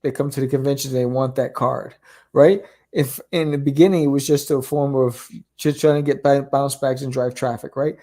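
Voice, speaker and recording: A man talking in a casual podcast conversation about selling his comics, animated and ending points with a quick question. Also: mid-range voice. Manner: animated, keeps asking "right?". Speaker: comic creator guest.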